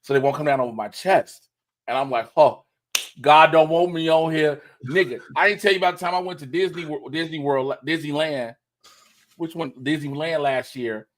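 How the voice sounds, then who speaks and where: A man hosting a casual livestream talk show, an animated storyteller who acts out quoted dialogue. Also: on the high side, fairly quick, slight background noise. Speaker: host.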